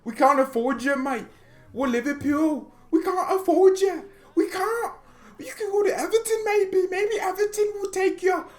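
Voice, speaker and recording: A man's voice: very high-pitched, normal speed, a little mellow, pitched above the performer's own voice. A man voicing a mocking, apologetic male club spokesman who keeps pleading and repeating himself. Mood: whiny pleading.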